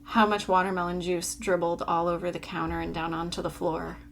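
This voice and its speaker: Co-hosting a casual library podcast, a woman from Florida keeps the chat going with questions, talking freely and laughing often. Her voice is fairly low and bright, with little pitch movement and a brisk pace.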